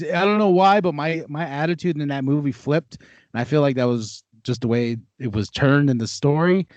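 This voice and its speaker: A man chatting casually about movies, telling animated stories and laughing often. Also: a little high, no room sound. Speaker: podcast co-host. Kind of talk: casual chat. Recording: dull lo-fi dry sound.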